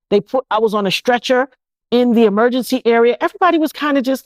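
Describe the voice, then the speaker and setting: A middle-aged woman from New York, an interview guest telling her own story in an animated, indignant way and slipping into other people's voices. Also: fairly high pitch, quick pace, no room sound. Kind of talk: emotional first-person storytelling.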